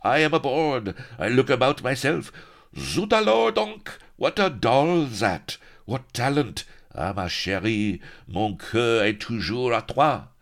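A man's voice: medium pitch, sing-song, slow, pitched above the performer's own voice. A man voicing a vain, foppish male pirate who sprinkles his talk with French, in a mincing, affected way. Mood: preening.

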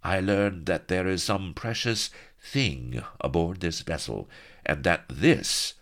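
A man playing a sly, scheming pirate show-off with a silky, mocking tone, pitched well above the narrator's own deep voice. Every word purrs with menace. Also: slow pace, fairly bright tone, exaggerated voice.

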